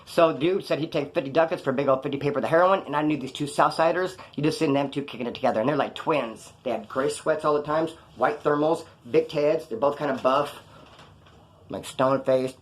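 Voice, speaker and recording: Speaking loudly and briskly, a man who has been in prison gives a casual first-person account of his life. He's streetwise, blunt and swears freely, and his voice jumps in pitch to stress points as he tells it with animation.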